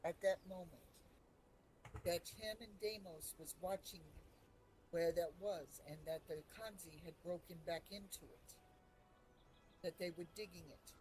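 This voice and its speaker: A woman telling her character's story in character, emotional and halting, with restarts when feelings rise. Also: lowish voice, a little mellow, slight background noise, rough recording. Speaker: roleplay player.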